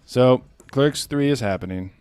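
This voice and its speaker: A man's voice: mid-range voice, a little slow, darkish tone, clean tone, no room sound. A man co-hosting a podcast in casual chat, laid-back and swearing, with lots of fillers. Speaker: podcast co-host.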